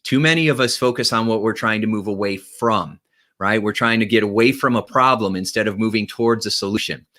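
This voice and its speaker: A male motivational speaker with a bright, forceful voice addresses his viewers. His delivery is energetic and emphatic, and he keeps checking in with quick tag questions. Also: on the low side. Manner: energetic, emphatic, frequent "right?" and "okay?" check-ins.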